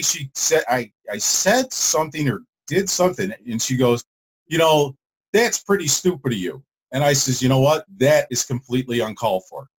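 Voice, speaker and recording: Man caller with a slightly raised voice, halting and rambling. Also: a little high, rough recording. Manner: rambling, halting with many fillers. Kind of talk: casual storytelling.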